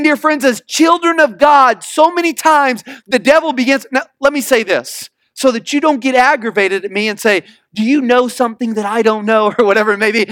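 A male pastor preaches emphatically and calls for answers from the congregation. He reads scripture slowly and deliberately. His voice sits very high and the sound is dry and close. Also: fairly bright tone, no room sound. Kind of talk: sermon.

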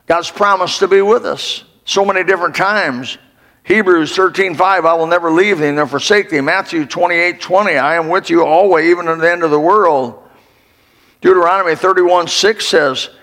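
An older man, a pastor, preaching a fervent sermon and rising to sudden shouts. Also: high voice. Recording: long hall reverb.

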